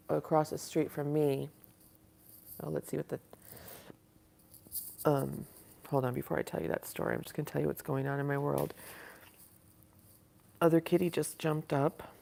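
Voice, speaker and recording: A woman's voice: sits low, level tone, unhurried, gravelly, long pauses, mellow. A woman hosting a casual livestream from her apartment, talking in a put-on Southern US accent, rambling and chatty with frequent laughs. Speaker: livestream host. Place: at home in an apartment. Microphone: device camera.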